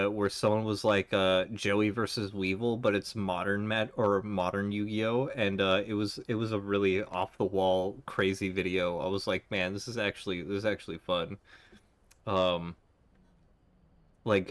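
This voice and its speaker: A young man chats on a live stream, rambling between chat messages with plenty of fillers. His voice is on the low side and recorded close and dry at a desk mic. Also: clean tone, dry recording. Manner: rambling, filler-heavy, reads chat aloud.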